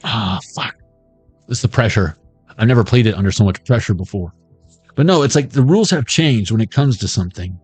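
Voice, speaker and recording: A man's voice: fairly low pitch, lively intonation, brisk, darkish tone, husky, dry recording, soft background music. A man hosting a casual tarot reading video, rambling and joking with casual swearing. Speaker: tarot reader. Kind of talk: casual intuitive reading vlog.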